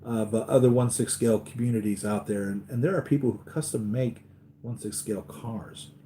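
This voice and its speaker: A man's voice: medium pitch, brisk, mellow, slight background noise. A man hosting a live collectibles stream, chatting casually with viewers, tired after a sleepless night and rambling with many restarts.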